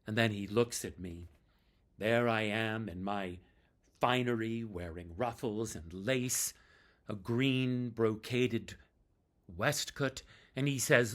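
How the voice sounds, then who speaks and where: A man telling a tribute story about a fellow performer, with slow pauses. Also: fairly low pitch, fairly bright tone.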